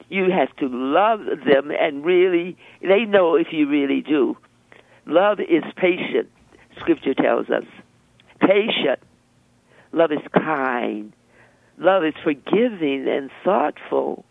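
An older woman, a religious sister, speaking in a gentle preaching and storytelling way, often repeating words as she begins a thought. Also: deep voice, gravelly, no room sound. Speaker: religious sister, interview guest. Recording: dry, phone-like narrow sound.

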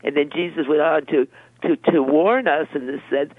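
Gravelly older woman, gentle preaching. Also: low-pitched, no echo. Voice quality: halting, repeats words as she starts. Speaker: religious sister, interview guest. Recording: dry, phone-like narrow sound.

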